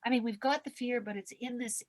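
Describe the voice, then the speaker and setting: An older woman and veteran performer giving an animated motivational talk on a video call, swinging from loud calls to hushed asides. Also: a little high, brisk, no echo. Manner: theatrical, acts out quoted voices, swings from loud to hushed. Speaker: guest performer and coach.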